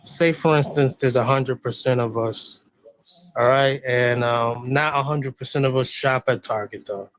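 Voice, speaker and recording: A man in a casual streamed discussion, speaking in a mid-range voice that is captured close and dry. He works through his reasoning slowly, with hesitations and restarts. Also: medium pitch, a bit bright, no echo, low-quality recording. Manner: measured, hesitant, reasons step by step.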